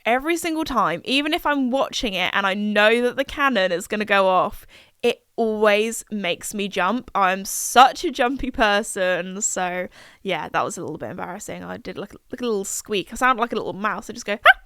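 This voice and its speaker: A woman's voice: medium pitch, lively intonation, moderate pace, fairly bright tone, clean tone, dry recording, clean studio sound. A young woman, chatting casually and rambling on her solo podcast, full of fillers and asides. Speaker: podcast host.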